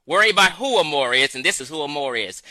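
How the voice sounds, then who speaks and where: Tense, bright-toned male reactor with a slangy delivery, dry sound. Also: a little high, expressive, quick pace, dry recording, poor audio. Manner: slangy, says "bro" and "man". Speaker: commentator reacting to a video. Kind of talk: casual reaction commentary.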